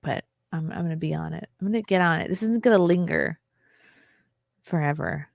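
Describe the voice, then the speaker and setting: A woman's voice: on the low side, brisk, vocal fry, no echo, clean studio sound. A woman hosting a casual livestream, candid and chatty, often laughing and reading viewer comments aloud. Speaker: livestream host.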